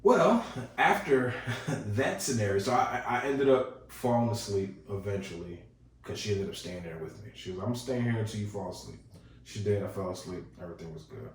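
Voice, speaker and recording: A man hosting a podcast, telling a ghost story in a casual, animated way and chuckling as he goes. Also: lowish voice, normal speed, slight background noise. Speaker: podcast host. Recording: echoey room, distant mic.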